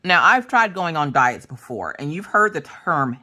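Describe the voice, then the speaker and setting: A woman's voice: low voice, moderate pace. A woman hosting a craft vlog from her home craft room, telling family stories in a casual chat with lots of acted-out voices. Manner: animated, acts out family members' voices. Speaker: craft channel host.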